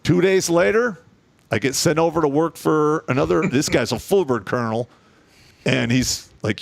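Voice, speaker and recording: Gravelly blunt man telling war stories. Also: on the high side, normal speed, no room sound. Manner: profane, blunt, animated storyteller. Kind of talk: casual storytelling chat.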